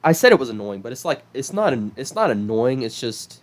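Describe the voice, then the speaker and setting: A young adult man from South Carolina co-hosts a podcast, chatting casually, laughing often, and swearing now and then. He speaks briskly at medium pitch with big pitch swings.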